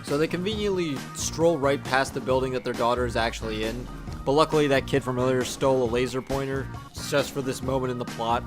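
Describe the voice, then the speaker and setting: A man's voice: medium pitch, a little fast, music in the background. Sarcastic young man reviewing a film. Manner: sarcastic, blunt, swears casually. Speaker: movie reviewer. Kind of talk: casual review voice-over.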